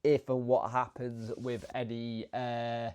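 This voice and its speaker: A man with a bunged-up, congested voice, feeling unwell and talking casually as the host of a football fan channel, chatty and rambling and trailing off quieter. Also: medium pitch, completely flat delivery, slow pace, smooth. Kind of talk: casual solo video commentary.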